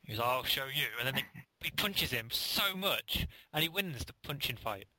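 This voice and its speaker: A man's voice: fairly high pitch, sing-song, normal speed, pushed and bright, no room sound, low-quality recording. A man co-hosting a casual comedy podcast, explaining things in a playful, mock-authoritative way. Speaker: podcast co-host.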